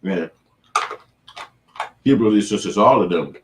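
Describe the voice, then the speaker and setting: A man's voice: on the low side, lively intonation, measured pace, slight background noise. A man hosting a reaction commentary, talking in an indignant, lecturing way. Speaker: commentary host.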